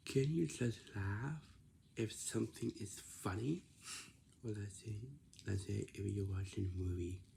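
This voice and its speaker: Man, slow and gravelly, keeps asking "right?" and answering himself, casual explaining. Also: sits low, dark tone, a little hiss or hum. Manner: slow, repetitive, asks "right?" and answers "yeah". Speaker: speaker explaining manners.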